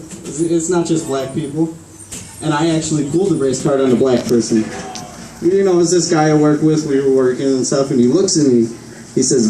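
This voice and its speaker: A man's voice: fairly high pitch, dark tone, a little hiss or hum. Rambling young man doing stand-up. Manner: rambling, profane, laughs at own jokes. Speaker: stand-up comedian. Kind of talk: open-mic stand-up set. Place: small bar open mic. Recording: echoey room, far mic, crowd laughter. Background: audience laughing.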